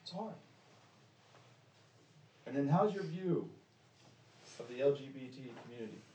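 A man preaching a sermon in a church, pressing the congregation with direct questions, with sharp emphatic rises and drops. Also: medium pitch, expressive, measured pace, a little hiss or hum. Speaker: pastor. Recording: echoey room, mic at a distance.

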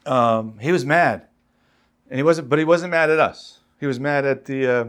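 A man preaching in a conversational, storytelling way, rising in pitch when he reads scripture. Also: moderate pace, fairly bright tone, clean tone. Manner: conversational, tells stories, rises when reading scripture. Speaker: pastor. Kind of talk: sermon.

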